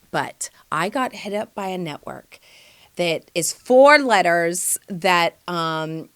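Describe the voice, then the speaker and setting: A woman in her forties hosts a podcast and tells a funny story from her life. She talks in a sassy, animated way, leans on "honey" and "girl", and her voice swings high and low. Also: smooth. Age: 40s. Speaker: podcast host; mother and choreographer. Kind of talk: comic storytelling monologue.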